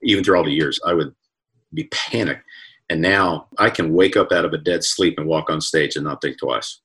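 A man's voice: a bass voice, normal speed, a bit bright, husky. A man who is a comedian and author, telling candid, reflective stories in a casual interview over a video call. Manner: chatty, reflective anecdotes with self-quoting.

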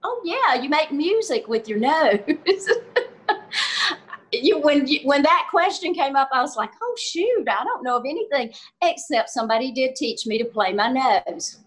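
A woman's voice: sits high, lively intonation, unhurried. Older Southern woman, chatty storyteller. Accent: Southern American. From Southern US, Georgia. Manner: folksy, laughs often, storytelling. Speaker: comedian guest. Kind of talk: casual interview chat. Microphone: video call.

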